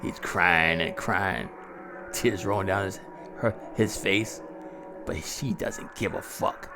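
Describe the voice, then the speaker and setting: A man narrating a first-person horror story in a gleeful, chuckling, drawn-out way. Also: low voice, creaky, loud music behind the voice.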